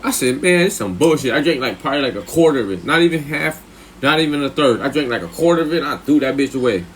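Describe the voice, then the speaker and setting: A man rambling through a story on a live stream, thick with slang and swearing. He keeps checking in with the listener and his pitch shoots way up whenever he acts out his own thoughts. His voice sits mid-range, with a faint hum of noise behind it. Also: lively intonation, quick pace. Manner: profane, slang-heavy, rambling with filler questions; jumps much higher in pitch when quoting himself.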